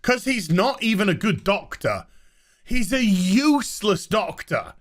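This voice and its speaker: A man's voice: high voice, big pitch swings, a little slow. A man ranting sarcastically in an exasperated review vlog about a TV episode. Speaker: TV show reviewer.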